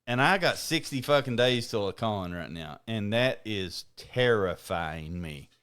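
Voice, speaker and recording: Low, smooth-voiced man swearing casually. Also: animated, a little slow, a bit bright. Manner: profane, rambling storyteller. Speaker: podcast co-host. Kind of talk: casual chat.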